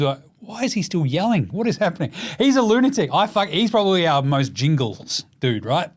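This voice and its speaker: A man's voice: on the high side, very animated. A man in his thirties with an Australian accent, hosting a casual, profane, joking basketball chat. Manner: profane, joking, rapid-fire lists. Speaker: podcast host.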